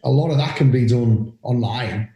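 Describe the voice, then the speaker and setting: Older Scouse bloke, loud and rambling, mellow tone, roomy podcast mic. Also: male voice, mid-range voice, normal speed, dull audio. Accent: Liverpool (Scouse). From Liverpool, England. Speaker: podcast co-host, referee. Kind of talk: casual chat.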